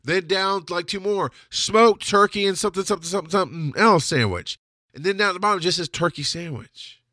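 A man's voice: high-pitched, brisk, bright, forceful tone, no room sound, clean studio sound. A man hosting a podcast, delivering a blunt, heated, profane solo rant. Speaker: podcast host. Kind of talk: ranting solo monologue.

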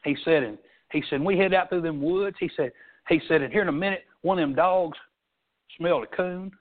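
A male pastor delivers a sermon in a folksy storytelling manner, his voice sitting a bit high. He swings between loud emphasis and soft asides. The sound is thin and tinny, like a phone line. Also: brisk.

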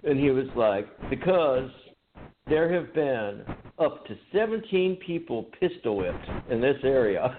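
A man co-hosting a podcast, telling an old story in casual chat, laughing often and swearing. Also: fairly high pitch. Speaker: podcast co-host. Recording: phone-like audio with faint noise.

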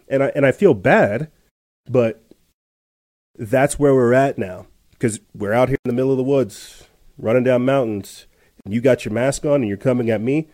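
A man's voice: mid-range voice, normal speed, a little mellow, dry recording. A man hosting a podcast, telling a story in a rambling casual way with many restarts and laughs. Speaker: podcast host. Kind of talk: casual chat.

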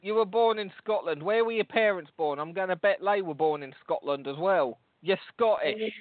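A man's voice: sits high, moderate pace, no room sound. A man with a London accent co-hosting a podcast, teasing and swearing in rambling casual banter. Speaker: podcast co-host. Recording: tinny phone-like line, dry.

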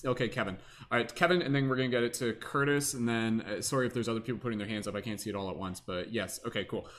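A man's voice: medium pitch, fairly even intonation, fairly bright tone. A man hosting a video call circle, passing the turn to each speaker in an easygoing way. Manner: quick, easygoing. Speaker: host.

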